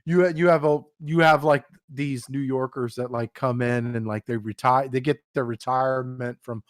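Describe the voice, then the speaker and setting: A man's voice: mid-range voice, fairly even intonation, moderate pace, dry recording, studio quality. Rambling, swearing man on a casual podcast. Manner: rambling, filler-heavy, profane. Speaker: podcast guest. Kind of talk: casual chat.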